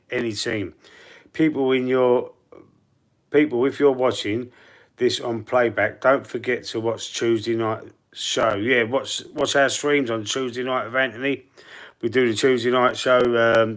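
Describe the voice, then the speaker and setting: A man's voice: mid-range voice, fairly bright tone. A man with a Cockney London accent, chatting casually and rambling on a live football fan stream, reading out the chat.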